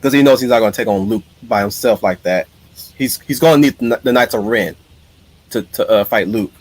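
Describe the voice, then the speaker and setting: A man's voice: fairly low pitch, fairly quick, dry recording. A man hosting a casual live stream, telling his ideas in an eager, rambling way. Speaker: streamer host.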